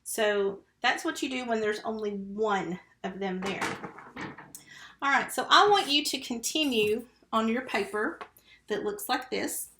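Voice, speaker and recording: A woman's voice: fairly high pitch, unhurried, noisy background. A woman teaching a recorded first-grade phonics lesson, patiently sounding out syllables and letters one by one. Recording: roomy, echoey recording.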